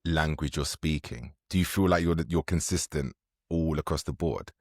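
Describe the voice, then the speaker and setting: A man hosting a podcast interview, asking questions in a casual, joking way with quick interjections. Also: rumbling low, no room sound, clean studio sound. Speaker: podcast host.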